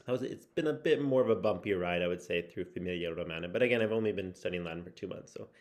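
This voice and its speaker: A man's voice: sits low, fast talker. A man talking through a casual video update on his language study, rambling and musing with lots of restarts. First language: English. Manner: rambling, with many fillers and restarts; musing and self-reflective. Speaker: language-learning vlogger. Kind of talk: casual spoken progress update.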